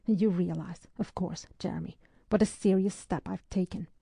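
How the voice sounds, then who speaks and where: A woman's voice: lowish voice, steady tone, normal speed, creaky, warm tone, husky, dry recording. A woman voicing a grim, curt naval captain in an audiobook, speaking in clipped, serious tones. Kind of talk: audiobook character reading.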